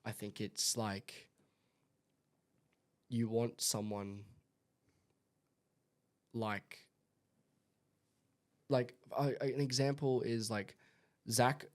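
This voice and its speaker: A man's voice: medium pitch, flat delivery, extremely slow, long pauses. A young man, a son chatting on a family podcast, rambling and restarting as he searches for words. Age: young adult. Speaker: son of the host. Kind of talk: casual family podcast chat.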